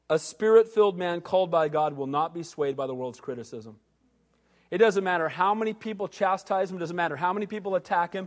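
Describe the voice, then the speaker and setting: A pastor preaching a sermon, reading scripture and acting out the voices of biblical characters with rising intensity. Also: male voice, high-pitched, big-room sound.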